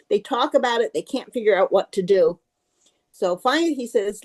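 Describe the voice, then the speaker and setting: A woman telling a long joke at a club meeting, in a lively storytelling manner. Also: a little high, normal speed.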